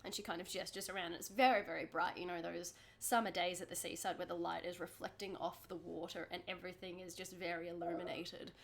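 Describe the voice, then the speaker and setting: A woman's voice: fairly low pitch, flat delivery, fast, hardly any pauses, slight background noise. A woman game master narrating a tabletop game in a descriptive, meandering way with many fillers.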